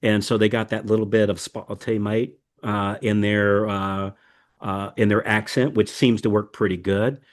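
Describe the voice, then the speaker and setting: A man's voice: fairly low pitch, flat delivery, normal speed. A man hosting a podcast in casual, folksy chat, rambling with many fillers and restarts. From United States. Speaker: podcast host.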